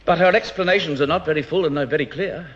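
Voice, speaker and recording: A man's voice: on the high side, a bit bright. Man speaking in a parliamentary debate. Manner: rhetorical, emphatic, with pauses and restarts. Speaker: opposition politician. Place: House of Commons debating chamber. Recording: dull archive parliamentary broadcast.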